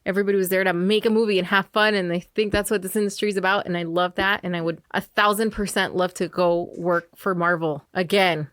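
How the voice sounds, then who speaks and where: A woman guests on a podcast, chatting in a friendly, casual way and laughing easily. Her voice is bright and forward, and the sound is dry and close, with no room echo. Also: fairly low pitch, steady tone, quick pace, few pauses. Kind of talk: casual interview chat.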